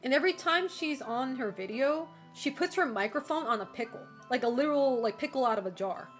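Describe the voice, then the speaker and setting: A woman's voice: sits high, animated, fairly quick, faint music behind. A young woman livestreaming, chatting casually and rambling with lots of fillers, casual swearing and frequent laughter. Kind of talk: casual chat while streaming.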